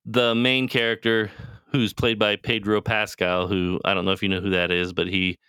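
A man's voice: lowish voice, little pitch movement, normal speed, pushed and bright, smooth, no room sound, studio quality. A man co-hosting a podcast, casually retelling a TV show in a rambling, profane way and acting out the characters' lines. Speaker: podcast co-host.

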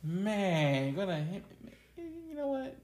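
A man's voice: sits high, sing-song, a little slow, a little mellow. Guy cohosting a podcast, goofy storyteller, laughs a lot, echoey room. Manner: jokey storyteller, laughs often. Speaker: podcast co-host. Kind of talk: casual podcast banter.

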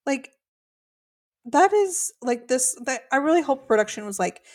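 A woman's voice: high voice, measured pace. A young woman co-hosting a podcast, retelling a reality show episode in casual chat with quoted voices. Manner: chatty, animated retelling with quoted voices and laughs. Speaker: podcast co-host.

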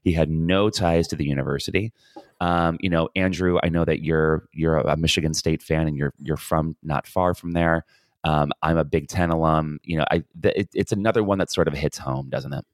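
A man with a very low voice co-hosts a podcast in loose, rambling chat, full of fillers and restarts. The sound is close and dry, with no room around it. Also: fairly even intonation, normal speed, no room sound. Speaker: podcast co-host. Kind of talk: casual chat. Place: lives in Ireland.

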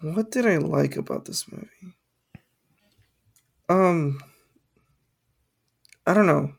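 Slow rambling podcast guy. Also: on the high side, gravelly, slightly rough. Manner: halting, rambling, frequent fillers and swearing. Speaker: podcast co-host. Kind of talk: casual movie review chat.

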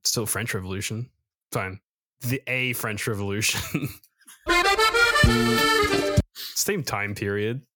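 A man's voice: lowish voice, slow, long pauses, bright, forceful tone, no echo, clean studio sound, soft background music. A man co-hosting a movie review podcast in casual chat, joking and laughing at his own slips. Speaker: podcast co-host.

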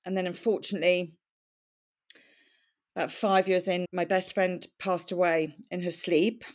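A woman's voice: fairly low pitch, flat delivery, a little slow. A middle-aged woman from Wales, a podcast guest telling her life story in a chatty, candid way and laughing often. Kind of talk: conversational storytelling.

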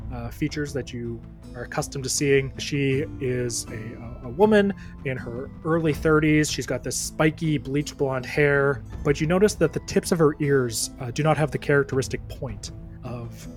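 A man running a tabletop role-playing game as dungeon master, describing scenes in a relaxed way with many fillers. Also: a little high.

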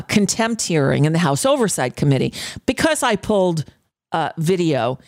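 A woman's voice: lowish voice, no room sound, clean studio sound. Blunt, sarcastic woman radio host. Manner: blunt, profane, sarcastic ranting with many fillers. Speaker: radio talk show host. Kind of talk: political commentary monologue.

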